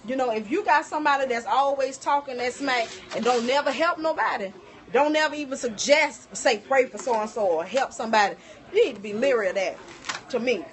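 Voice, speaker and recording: Broadcasting from her home kitchen, a middle-aged woman hosts a casual livestream, telling animated stories and speaking directly to viewers as "y'all." Her voice sits high and runs a little fast, with slight background noise.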